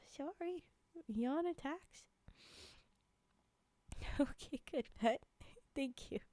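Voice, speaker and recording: A young adult woman reading folktales aloud on a livestream, chatty, pausing for casual asides and fillers. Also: high voice, dark tone, dry recording. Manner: chatty, frequent laughs and fillers while reading. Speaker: livestream storyteller.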